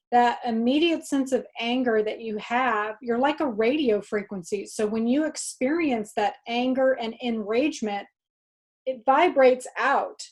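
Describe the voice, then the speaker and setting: A woman guest on a podcast, explaining ideas in an earnest, steady way. Her voice sits somewhat high. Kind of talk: casual chat.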